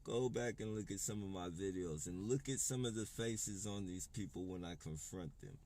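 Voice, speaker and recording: Low mellow-voiced guy going off on a heated rant, swears a lot, keeps restarting, bit of hiss behind. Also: moderate pace. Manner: profane, heated, rambling with many restarts. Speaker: vlogger. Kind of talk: unscripted rant to camera.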